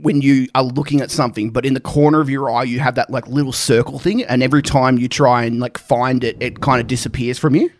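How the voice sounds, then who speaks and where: A man's voice: mid-range voice, fairly even intonation, quick pace, few pauses, a little hiss or hum. A young man, co-hosting a podcast and telling stories in a casual, sweary way, often laughing. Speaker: podcast co-host. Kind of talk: casual chat.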